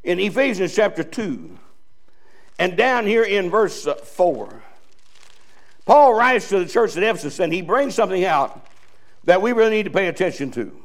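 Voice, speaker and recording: A man's voice: high voice, very animated, moderate pace, long pauses. A male pastor preaching a sermon in a folksy, joking way, full of restarts and chuckles. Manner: folksy, joking preaching with laughs and repeated starts.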